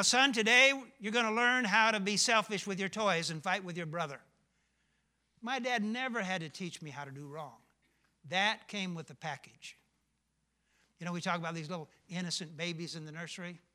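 Older preacher guy, high bright voice, punchy and emphatic, keeps asking the room questions. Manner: emphatic, asks the congregation questions. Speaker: pastor. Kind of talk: sermon.

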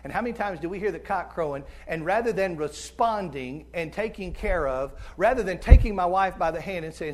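A middle-aged man with a squeaky tenor voice preaching a sermon as a visiting preacher. He is impassioned and swings between loud urging and hushed tones. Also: animated, a little fast, few pauses.

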